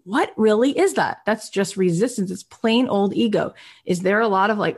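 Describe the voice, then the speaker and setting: A woman's voice: mid-range voice, normal speed. A woman sales coach talking casually and energetically, acting out little dialogues with customers. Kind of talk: coaching talk.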